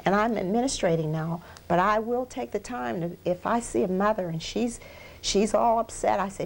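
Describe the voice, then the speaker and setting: A woman's voice: medium pitch, moderate pace, gravelly. A woman guest in an interview, telling a personal testimony with strong feeling and repeating phrases for emphasis. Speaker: interview guest, ministry founder.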